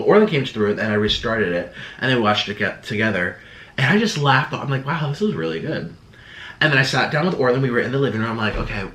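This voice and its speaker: A young male YouTuber with a medium-pitched, slightly bright voice chats casually to camera in an echoey room. He rambles and gets defensive, slipping into sarcastic quoted voices.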